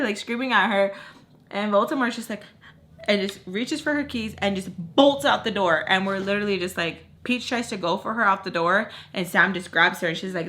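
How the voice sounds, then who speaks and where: Bright, animated young woman telling a story. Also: medium pitch, normal speed. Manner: animated, heavy use of "like", acts out quotes. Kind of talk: casual storytime chat.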